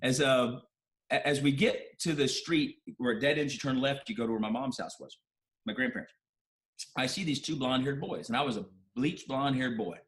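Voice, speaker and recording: A man's voice: medium pitch, fairly quick, a bit bright. A man speaking as an interview guest, recounting a personal memory in an emotional, heartfelt way. He stumbles and restarts often as the feeling catches up with him, and his voice sits in a middle register. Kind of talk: personal storytelling in conversation.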